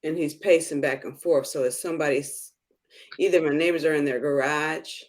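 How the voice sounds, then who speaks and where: Lively laughing woman coach. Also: low-pitched, normal speed. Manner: animated, laughing, acts out quotes. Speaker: spiritual life coach and host. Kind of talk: casual workshop chat. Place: home.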